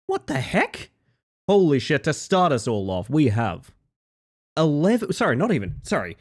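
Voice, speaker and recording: Lively excitable man streaming. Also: moderate pace. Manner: excitable, swears, laughs often, swings between loud outbursts and soft low asides. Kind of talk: casual live-stream chat.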